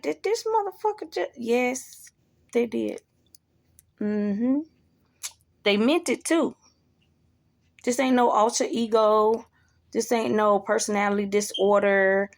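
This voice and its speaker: A woman talking casually to camera in a blunt, profane way, animating the people she quotes. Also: medium pitch. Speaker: vlogger. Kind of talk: casual monologue.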